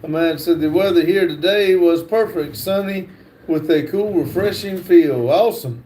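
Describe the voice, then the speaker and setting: A man hosting a livestream, reading chat comments aloud in a halting way with fillers and restarts. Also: high-pitched, dark tone, a little hiss or hum. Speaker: livestream host.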